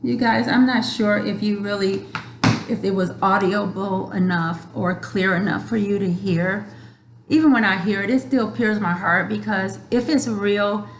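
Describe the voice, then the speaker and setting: A woman's voice: medium pitch, fairly even intonation, a little slow, slight background noise. A woman host talking to her viewers from home in an earnest, emotional way, often repeating herself. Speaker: channel host. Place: home room with a dryer running. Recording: roomy echoey room.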